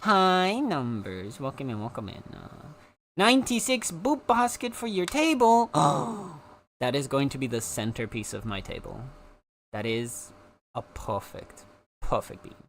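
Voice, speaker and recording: Casual young streamer, light South African accent, mid-pitched and animated, chatty and easily distracted. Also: a little slow, vocal fry, a little hiss or hum. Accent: slight South African, between British and American. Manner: giggly, rambling, easily sidetracked. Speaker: live streamer.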